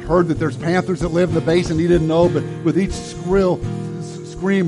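A man preaching a sermon and telling a story, often restarting his words and swinging between loud and hushed delivery. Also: high-pitched, flat delivery, moderate pace, music in the background. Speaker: pastor.

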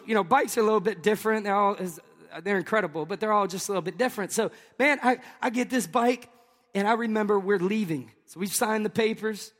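A pastor from Tennessee, telling an animated, jokey story to his congregation in a sermon. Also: sits high, big-room sound. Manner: animated, jokey, talks to the crowd.

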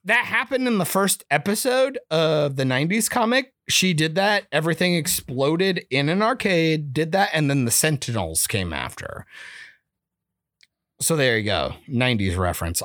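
A woman's voice: sits low, animated, normal speed, fairly bright tone, dry recording, studio quality. A woman co-hosting a podcast, ranting casually and profanely about a movie. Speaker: podcast co-host. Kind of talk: casual chat, movie review.

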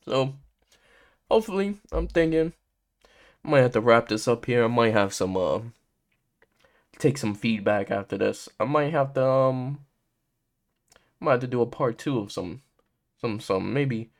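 A man's voice: medium pitch, lively intonation, measured pace, long pauses. A young man hosting a podcast, casually telling a story in heavy slang and laughing often. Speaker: podcast host.

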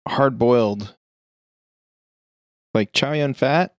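A man co-hosting a casual movie podcast, slow and jokey, swearing often. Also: medium pitch, no room sound, studio quality. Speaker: podcast co-host. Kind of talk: casual movie review chat.

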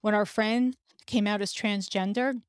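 A woman's voice: medium pitch, fairly even intonation, measured pace, clean tone, no room sound, studio quality. Candid woman telling a story. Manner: candid, conversational, laughs now and then. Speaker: podcast host. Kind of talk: personal storytelling.

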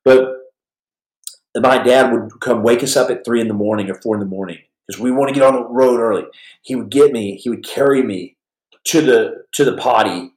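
A man's voice: mid-range voice, normal speed. A man in his forties hosting a podcast livestream, telling stories in a rambling, jokey way and answering chat questions. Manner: rambling, jokey, swings between loud bursts and soft mumbles. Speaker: podcast host. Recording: echoey room.

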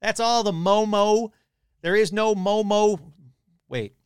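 Taking it slowly, a podcast host with a high, clear and resonant voice reads a newspaper article aloud in a casual manner, breaking away for wry grumbles. The recording is dry and studio quality.

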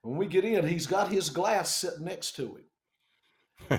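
A man in a band telling a tour story in a casual, animated, profane way, acting out the people he quotes. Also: sits high, a little slow, reverberant.

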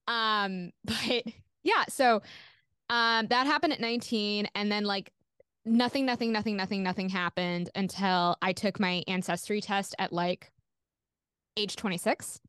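A woman's voice: medium pitch, a little slow, clear, resonant tone, dry recording, clean studio sound. A woman guest on an interview podcast, telling a personal story candidly, swearing freely and filling her talk with "like". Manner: animated, acts out quoted voices.

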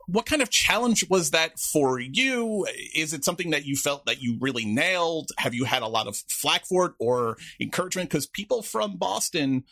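A man's voice: on the high side, lively intonation, moderate pace, creaky, hardly any pauses, bright, forceful tone, no room sound, clean studio sound. A man co-hosting a podcast interview, jokey and asking long questions. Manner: jokey, asks questions at length. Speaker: podcast co-host.

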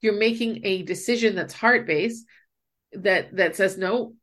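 Mid-pitched woman, conversational, explains with acted-out examples. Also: unhurried, a bit bright. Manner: explanatory, acts out inner voices with examples. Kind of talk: casual conversation.

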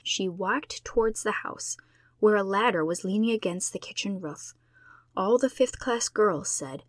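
Expressive woman reading a classic novel. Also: mid-range voice, a little slow, no echo. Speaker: audiobook reader. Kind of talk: storybook narration.

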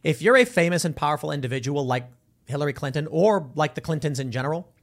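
A male host talks through a casual commentary monologue with lively, swooping intonation. His voice sits a little high for a man, and he acts out the people in his stories as he goes. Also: fast talker. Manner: animated storytelling, acts out quoted voices.

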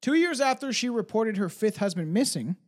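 A man's voice: high voice, expressive, a little fast. A man co-hosting a casual true-crime podcast, crude and laughing a lot, not from the United States. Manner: crude, swearing, laughing often. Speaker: podcast co-host.

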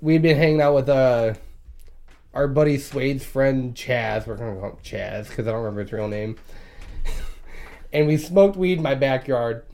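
A man's voice: fairly high pitch, darkish tone. A young man telling crude stories in casual chat, swearing and laughing as he talks. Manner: profane, laughing storyteller.

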